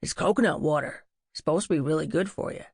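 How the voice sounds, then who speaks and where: A woman voicing a playful young man who teases his friend in quick, jokey lines. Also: low-pitched, creaky, a little mellow, breathy edge, no echo, studio quality, full character voice. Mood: teasing. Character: playful young man, teasing, reformed party guy.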